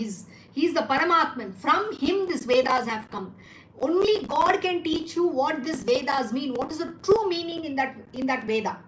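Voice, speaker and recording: A high-voiced woman preaches with fervor, firing rhetorical questions and scolding her listeners. Her voice rings in an echoey room with a faint hiss behind it. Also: fairly bright tone. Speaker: spiritual teacher. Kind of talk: devotional discourse.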